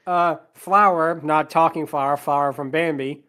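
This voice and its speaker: A man's voice: fairly high pitch, fairly even intonation, moderate pace, sharp tone. A man hosting a podcast, walking through a movie's plot scene by scene and dropping sarcastic asides. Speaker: podcast host.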